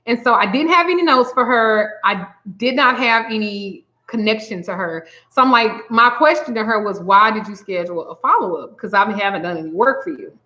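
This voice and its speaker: A woman's voice: mid-range voice, normal speed. A woman spiritual reader telling a story in a casual livestream, acting out both sides of a phone call. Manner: chatty, animated retelling, acts out both sides of a call. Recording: slightly dull lo-fi audio.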